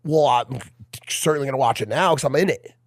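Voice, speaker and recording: A man's voice: mid-range voice, fairly quick, dry recording, clean studio sound. A young man co-hosting a podcast, talking in casual banter and telling stories with plenty of emphasis. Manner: animated, emphatic storytelling. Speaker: podcast co-host.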